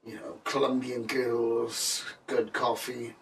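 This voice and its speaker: A man's voice: mid-range voice, level tone, takes it slowly. A man telling stories as a guest in a casual chat, sweary and laid-back, often laughing and trailing off. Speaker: podcast guest. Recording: distant mic, faint background noise.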